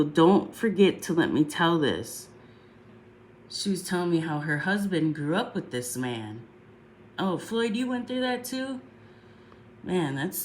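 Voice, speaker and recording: A woman's voice: deep voice, a little hiss or hum. A congested woman talking casually on a livestream, rambling and chatty, often saying "um" and asking "right?" along the way.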